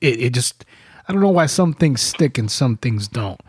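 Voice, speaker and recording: A man hosting a podcast, telling stories in a profane, animated, casual way. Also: mid-range voice, normal speed, slightly rough. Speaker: podcast host. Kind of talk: casual chat. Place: studio.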